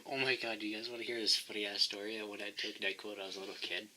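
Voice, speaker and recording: Groggy rambling man, bright tone. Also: on the low side, level tone, very fast, a little hiss or hum, rough recording. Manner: rambling anecdotes, crude jokes. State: groggy from cold medicine. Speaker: podcast host. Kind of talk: casual late-night chat.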